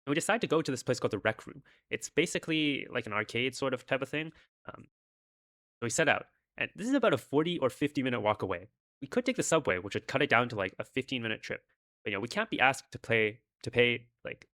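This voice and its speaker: A man's voice: mid-range voice, animated, quick pace, fairly bright tone. A young man casually telling a rambling personal story, with many fillers.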